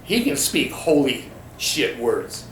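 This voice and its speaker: A man giving an angry, profane monologue about his church, speaking slowly and emphatically. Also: mid-range voice, sing-song, a bit bright, slight background noise. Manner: indignant, profane, slow and emphatic. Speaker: former glazier ranting about his church. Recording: roomy echo with faint ambience.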